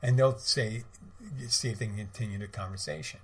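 A man's voice: lowish voice, a little fast, creaky, fairly bright tone. A middle-aged man hosting a podcast, telling a story in a rambling, casual way with many restarts and asides. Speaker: podcast host.

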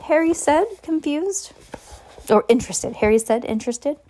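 A woman's voice: on the high side, lively intonation, measured pace, warm tone. A woman narrating a children's novel as an amateur audiobook, stumbling and correcting herself as she reads. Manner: stumbling, self-correcting reading. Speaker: reader.

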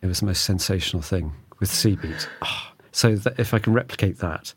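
A man's voice: low-pitched, fairly quick, a little hiss or hum. A man hosting a studio podcast in casual chat, jokey and rambling, often restarting sentences. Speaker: podcast host.

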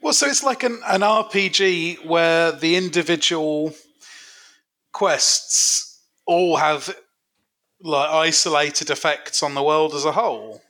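Man with a bright, sharp voice. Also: fairly high pitch, takes it slowly. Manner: short questions and summaries. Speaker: podcast co-host. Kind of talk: casual chat about a game.

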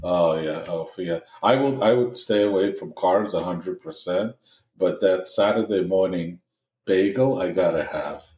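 Deep-voiced New man in echoey room. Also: a little slow, darkish tone. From New Jersey. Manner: stammering repeats, laughs often. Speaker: podcast co-host. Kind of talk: casual chat.

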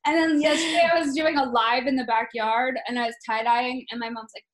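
A comedian in her thirties chatting casually on a podcast from home, animated and full of swearing. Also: sits high, fairly quick, roomy sound. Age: 30s. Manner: animated, swears a lot, acts out stories. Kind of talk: casual chat. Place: her room at her parents' home.

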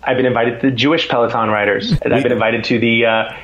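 A man in his forties telling stories as an interview guest, animated and self-deprecating, with many restarts. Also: medium pitch, quick pace, dull audio. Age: 40s. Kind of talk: casual interview storytelling.

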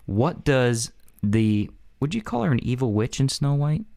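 A man's voice: medium pitch, sing-song, measured pace, creaky, mellow. Man quizzing his co-host casually. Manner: quizzing, restarts mid-sentence. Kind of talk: casual chat.

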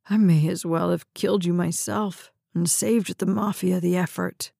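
A woman reading the part of a bitter, injured young man in a hospital bed, with a gravelly, curt voice. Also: on the low side, steady tone, a little slow, dark tone, dry recording, studio quality, exaggerated voice. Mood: harsh.

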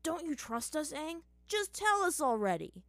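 A woman voicing a cold, sharp-tongued teenage princess. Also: sits high, a little slow, no room sound, voice pushed up, heavily acted. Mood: cutting. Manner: flat, cutting.

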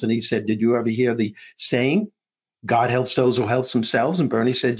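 A man with a slightly rough, husky voice, talking as a guest in an interview. He tells a story with comic timing and jumps in and out of the voices of the people in it, laughing along the way. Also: mid-range voice, little pitch movement, fairly quick. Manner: acts out dialogue between characters, laughing often. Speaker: guest author and comedian.

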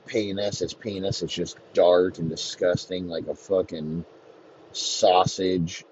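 A low-voiced man rambles through a profane comedic rant on his podcast. His delivery is loose and rambling. The recording is slightly dull, with faint hiss beneath it. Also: flat delivery, takes it slowly, darkish tone. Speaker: podcast host. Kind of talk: crude comedic sports rant.

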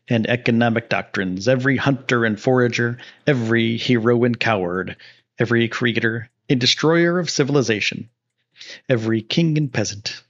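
A man puts on the voice of a solemn older science narrator, unhurried and mellow, lingering over each phrase with quiet wonder. The voice sits low to middling in pitch. The audio is dull and lo-fi, like a home stream. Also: close to an everyday voice. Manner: slow, measured, mellow delivery.

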